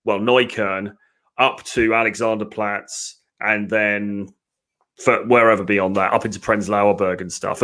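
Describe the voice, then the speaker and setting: A British man in his younger years hosts a podcast in easy casual chat. He talks in chatty asides, often restarts his phrases, and his voice sits at an ordinary middle pitch. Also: fairly bright tone. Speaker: podcast host.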